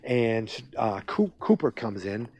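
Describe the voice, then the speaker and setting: Speaking slowly in a lowish, dark voice with big swings in pitch, a podcast host walks through a TV episode. His recap is loose and chatty, full of self-interruptions and restarts, and the audio has no room sound.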